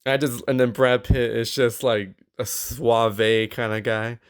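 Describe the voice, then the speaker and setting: A man co-hosting a podcast in casual chat, animated and stammering with quick asides. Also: medium pitch, clear, resonant tone. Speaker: podcast co-host.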